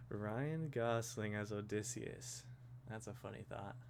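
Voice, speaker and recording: A man rambling through a casual monologue, thinking aloud and musing to himself with soft chuckles. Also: on the low side, takes it slowly, a little hiss or hum. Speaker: vlogger.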